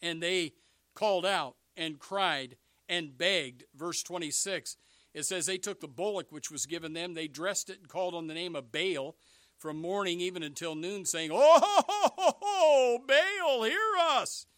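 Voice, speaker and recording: A man preaching a sermon, animated, swinging between loud bursts and hushed asides. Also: a little high, normal speed, no room sound, clean studio sound.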